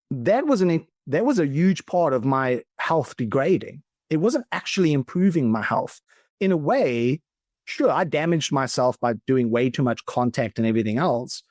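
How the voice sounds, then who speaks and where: Guy from south africa, podcast guest, slow thoughtful coach talk, kinda high voice. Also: no room sound, clean studio sound. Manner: thoughtful, often slows down and stretches words. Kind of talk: reflective conversational talk.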